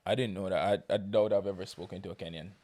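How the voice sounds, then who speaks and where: A man's voice: deep voice, steady tone, fast, darkish tone. Playful Jamaican man co-hosting a podcast. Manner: playful, teasing, competitive. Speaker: podcast co-host. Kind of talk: casual chat.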